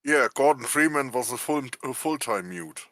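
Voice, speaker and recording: A man's voice: mid-range voice, normal speed, vocal fry, fairly bright tone, no echo. A man in casual podcast chat, explaining at length with many filler sounds. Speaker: podcast co-host.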